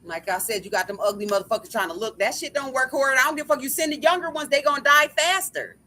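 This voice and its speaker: High, sharp-voiced woman ranting angrily. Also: fast talker, a little hiss or hum. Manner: angry, profane, keeps repeating "like I said". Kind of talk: ranting monologue to camera.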